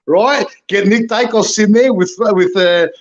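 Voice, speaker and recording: A blokey Australian man with a high voice talks footy as a fan guest over a dull, lo-fi line. He stumbles over his words and keeps calling people mate and bro. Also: measured pace. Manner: blokey, stammering, says mate and bro constantly. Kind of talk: casual footy chat.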